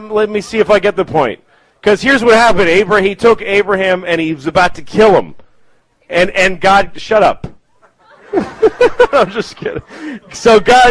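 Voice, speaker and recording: Animated, rambling stand-up comedian man. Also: high-pitched, dry recording, rough recording. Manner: rambling and profane, self-mocking asides. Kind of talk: stand-up set. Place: comedy club.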